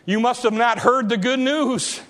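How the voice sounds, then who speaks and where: A man's voice: very high-pitched, unhurried, fairly bright tone. A male preacher voicing a sick little girl in a hospital story, telling a grouchy nurse the good news. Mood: earnest.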